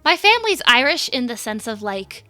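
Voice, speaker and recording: A young woman with a high, bright voice chats casually on a livestream, giggly and bubbly as she greets viewers. Her tone is crisp and forward on a desk mic. Faint music plays underneath. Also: sing-song, moderate pace, no echo. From United States. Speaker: VTuber streamer. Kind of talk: casual stream chat.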